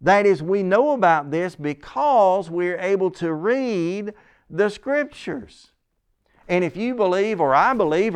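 Preacher, male, smooth clear voice pitched a little high, reads verses then explains, leans hard on key words. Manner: slows and stresses key scripture phrases. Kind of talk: sermon.

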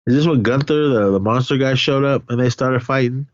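A man's voice: medium pitch, fairly quick, no echo, lo-fi sound. A man casually recapping a film on a podcast, rambling along and acting out the characters' cries and curses. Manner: rambling, animated retelling with voiced reactions and cursing. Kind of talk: casual chat.

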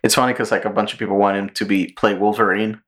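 A man co-hosting a podcast in casual chat, telling stories with high-pitched character voices. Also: fast talker. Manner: animated storyteller, jumps into high voices for cartoon characters. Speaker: podcast co-host.

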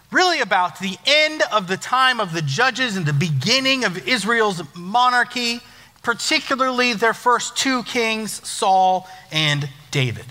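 A man's voice: sits high, bright, forceful tone. A man preaching a sermon as pastor, talking conversationally with playful asides. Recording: echoey hall with long reverb.

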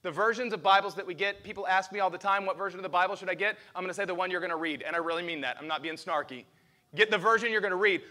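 A man preaching a lively sermon as pastor, asking the congregation questions. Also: sits high.

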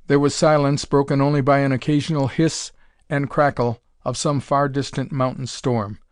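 A man reading a pulp adventure story aloud in a measured, plain narrating manner. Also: mid-range voice, little pitch movement, no room sound, clean studio sound.

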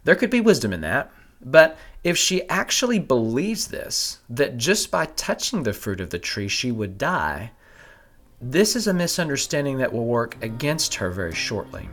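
A man, a father with a family, giving a measured, scripted Bible lesson, explaining a passage step by step and posing rhetorical questions. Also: medium pitch, big pitch swings, fairly bright tone. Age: adult with a family. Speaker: Bible teacher. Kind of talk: scripted teaching narration.

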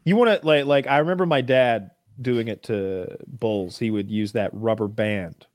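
A man's voice: mid-range voice, moderate pace, a little mellow, no echo, clean studio sound. A man chatting casually as a co-host, rambling with many restarts and frequent swearing. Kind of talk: casual chat.

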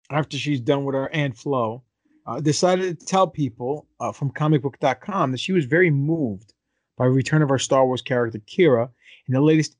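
A man's voice: a little high, dry recording. A man hosting a casual podcast, joking around and reading news items aloud. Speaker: podcast host. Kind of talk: casual chat.

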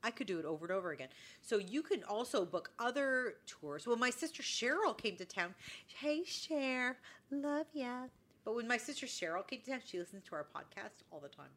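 A woman's voice: a little high, big pitch swings, normal speed, a bit bright. A woman co-hosting a podcast, chatting casually and acting out quoted dialogue as she tells a story. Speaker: podcast co-host. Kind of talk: casual chat.

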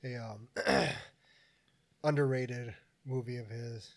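A man's voice: medium pitch, slow pace, gravelly. A young man co-hosting a casual podcast, telling stories with lots of laughter and acted-out quotes. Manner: animated storyteller, laughs often, acts out movie lines. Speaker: podcast co-host. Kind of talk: casual chat.

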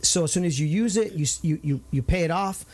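A man hosting a community talk show, chatting casually and telling lively stories. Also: a little high, fast. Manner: lively storyteller, upbeat. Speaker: show host. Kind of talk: casual interview chat.

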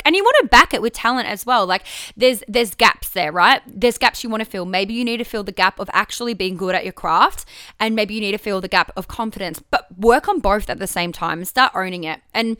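A woman with a fairly high voice, very bright and crisp, talks frankly on her own podcast. She curses casually and often restarts her sentences as she works through her thoughts. The sound is close and dry. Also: moderate pace, dry recording. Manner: candid, frank and swearing, with many restarts. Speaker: podcast host. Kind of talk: casual solo podcast talk.

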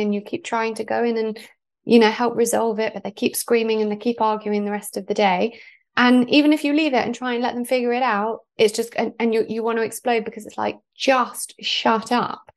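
A woman's voice: on the high side, a little mellow. Chatty woman podcast host. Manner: chatty, rambling questions with restarts. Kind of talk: podcast interview.

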